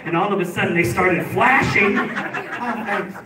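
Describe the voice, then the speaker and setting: A man doing stand-up, telling a story in an animated way and laughing through his own lines at a live venue. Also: sits high, brisk, crowd noise. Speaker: stand-up comedian. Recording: echoey room, distant mic, loud clicks.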